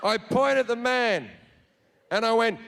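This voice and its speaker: An Australian man doing profane, animated stand-up storytelling on a theatre stage. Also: sits high, a little slow, clean tone. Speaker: stand-up comedian.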